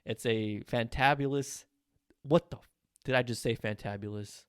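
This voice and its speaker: A young man hosting a solo movie review podcast, talking in an animated, blunt way and swearing freely. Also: mid-range voice, moderate pace, clean tone, dry recording, clean studio sound. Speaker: podcast host.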